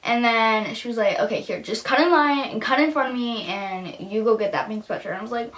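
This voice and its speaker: A woman's voice: fairly high pitch, lively intonation, fast talker, hardly any pauses, fairly bright tone. A teenage girl telling a story to camera in a chatty vlog, filling her talk with "like" and acting out what people said. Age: teens. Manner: chatty, lots of "like", acts out quotes. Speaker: vlogger. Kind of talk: casual storytime.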